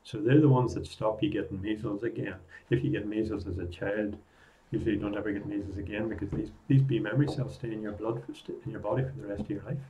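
Throat-clearing teacher, mellow voice. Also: male voice, on the low side, fairly even intonation, quick pace, slight background noise, rough recording. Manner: repetitive, explaining step by step, keeps clearing his throat. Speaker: biology teacher. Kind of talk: recorded classroom lesson.

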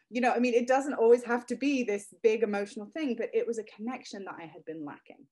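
Fast and with hardly any pauses, a mellow, fairly high-pitched woman speaks in an emotional interview. She's in her thirties, a guest who made a product, and talks about her children heartfeltly, close to tears now and then.

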